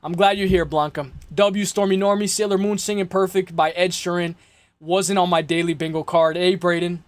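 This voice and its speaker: High-voiced man rambling on a livestream. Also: steady tone, normal speed, no echo. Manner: rambling, slangy, repeats "guys" often. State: voice worn out. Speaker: livestream host. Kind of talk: casual livestream chat.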